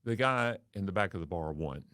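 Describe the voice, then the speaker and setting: A man with a baritone voice, hosting and telling a wry, theatrical story as a monologue. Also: expressive, fairly quick, a bit bright, no room sound, clean studio sound. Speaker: radio and TV host.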